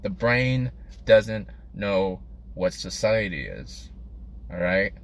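A man's voice: lowish voice, lively intonation, takes it slowly, slight background noise. A man delivering a crude, self-deprecating comedic monologue as a podcast host, rambling from one thought to the next.

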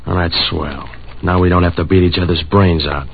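An actor playing a menacing male hoodlum in a 1940s radio drama, blunt, clipped and low. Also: fairly even intonation, fairly quick, creaky, a little hiss or hum. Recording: tinny 1940s radio broadcast.

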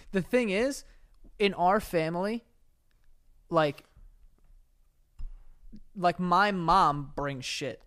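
A young man co-hosting a podcast in casual chat, joking and swearing in quick back-and-forth with his friend. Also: high-pitched, a bit bright, clean tone. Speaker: podcast co-host.

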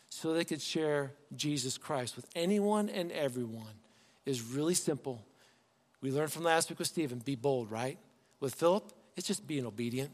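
A man's voice: fairly high pitch, long reverb tail. A male pastor preaching a sermon in a conversational, storytelling way, often asking the congregation rhetorical questions. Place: church sanctuary.

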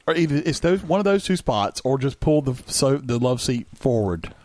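A man's voice: mid-range voice, moderate pace, dry recording. A man co-hosting a comedy podcast, joking in casual banter. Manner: wildly animated, joking. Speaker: podcast co-host.

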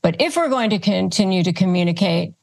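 A woman giving calm, step-by-step advice as a guest expert, speaking in a steady, instructive way. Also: fairly low pitch, brisk, creaky. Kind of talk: advice talk, listing tips.

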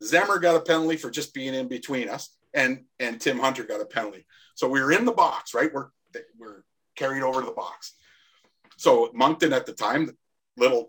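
A man's voice: mid-range voice, a bit bright, slightly rough. A Canadian man in his sixties, a former hockey player, telling rambling anecdotes as a podcast guest and acting out the voices in them. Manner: rambling anecdotes with laughs, acts out quoted voices. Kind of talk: casual storytelling.

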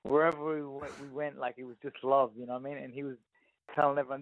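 Speaking quickly in a mid-range voice that barely moves in pitch, an Australian boxer in his thirties tells stories as an interview guest. He keeps saying "you know what I mean." The recording is dry and tinny, like a phone, without any room sound.

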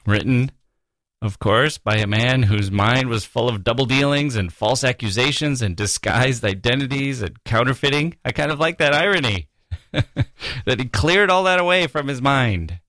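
A man hosting a podcast, giving reflective literary commentary in a musing way, with soft laughs and read-out quotes. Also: mid-range voice, measured pace, no room sound. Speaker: podcast host.

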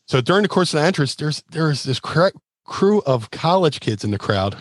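A man's voice: fairly high pitch, big pitch swings, normal speed, dry recording. A man telling stories as a guest in casual chat, acting out quotes and sound effects. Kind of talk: casual storytelling.

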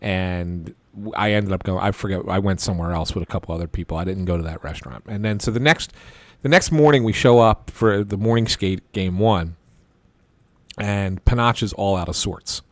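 A man telling a casual, animated anecdote as a sports reporter, full of restarts and stammers and acting out the lines of the people in it. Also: sits low, normal speed, dry recording. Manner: animated anecdote with quoted voices. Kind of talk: casual storytelling.

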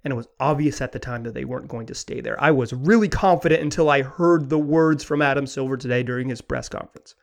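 A man hosting a sports talk podcast, talking in an animated, rambling way with frequent restarts. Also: medium pitch, fast, vocal fry, few pauses. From Pacific Northwest. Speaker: podcast host.

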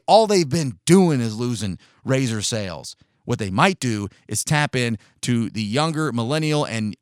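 In clean studio sound with no room tone, a commentator with a slightly high voice delivers a blunt, sarcastic opinion monologue. He swears casually, restarts phrases haltingly, and mocks others with shouted, put-on outrage.

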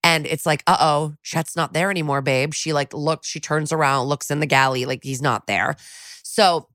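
A woman's voice: deep voice, steady tone, moderate pace, a bit bright, no room sound, studio quality. A woman co-hosting a podcast, casually recapping a TV episode with chatty, wry asides. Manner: chatty, wry asides while retelling scenes. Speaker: podcast co-host.

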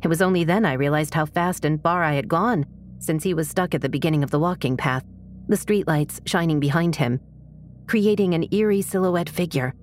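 Woman, low voice, scripted first-person narration, measured, tense. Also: a little hiss or hum.

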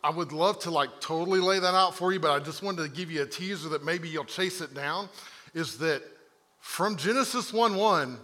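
A man's voice: fairly high pitch, moderate pace, bright, forceful tone. A man preaching a sermon to a church congregation in a conversational, rambling way, often checking in with "right?". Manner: conversational, digressive, frequent rhetorical "right?". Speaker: pastor. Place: church sanctuary.

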